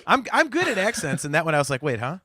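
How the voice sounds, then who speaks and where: A man hosting a casual podcast chat, animated and teasing, often laughing. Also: sits high, very fast, no room sound, studio quality. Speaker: podcast host.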